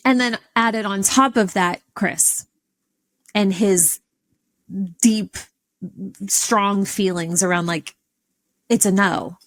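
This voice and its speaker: A woman hosting a podcast, telling a personal story in an animated, expressive way with sudden jumps in pitch. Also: slow, long pauses. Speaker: podcast host.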